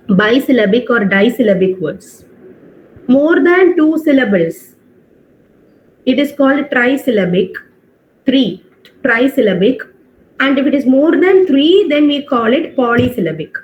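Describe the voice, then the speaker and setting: A woman teaching an online English class, explaining step by step, checking with questions and mixing in Hindi phrases. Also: high-pitched. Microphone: video call. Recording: dull online-class audio.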